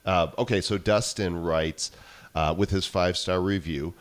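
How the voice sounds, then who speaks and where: A male podcast co-host with a very low, deep voice. He chats casually and keeps things upbeat and promotional. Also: steady tone, normal speed.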